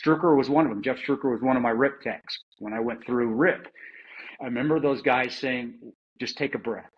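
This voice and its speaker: Over dull, slightly lo-fi audio that suggests a modest podcast setup, a husky middle-aged American man speaks a little fast at medium pitch. As an interview guest and former Army Ranger turned security contractor, he candidly shares combat memories, frequently restarting sentences and occasionally swearing.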